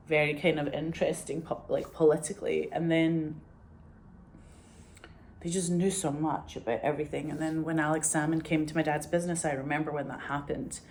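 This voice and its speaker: A woman from Scotland tells stories casually and ramblingly, cursing freely and saying "like" all the time. Her voice sits low, and there's a little hiss or hum in the recording.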